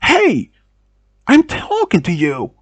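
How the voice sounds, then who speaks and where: A man voicing a pushy, boastful young creep in a told story, with a high, whiny, pleading way of talking. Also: huge pitch swings, slow, no echo, heavily acted.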